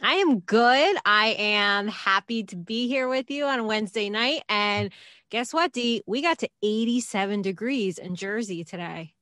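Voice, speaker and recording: Bright, cheerful female podcast co-host. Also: medium pitch, a little slow, no room sound, clean studio sound. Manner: cheerful, giggly. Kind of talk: casual sports podcast chat.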